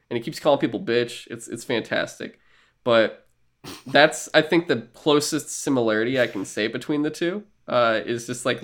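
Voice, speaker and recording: A man's voice: medium pitch, fairly bright tone. A man co-hosting a podcast in casual chat, rambling and joking with casual swearing. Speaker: podcast co-host.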